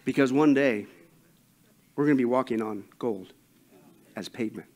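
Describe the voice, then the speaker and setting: A man preaching a sermon as pastor, animated and emphatic, telling a joke story. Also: medium pitch, normal speed.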